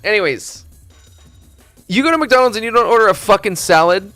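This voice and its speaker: A man streaming, chatting casually in a rambling, profane, animated storytelling way. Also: high voice, a little fast, no room sound, soft background music.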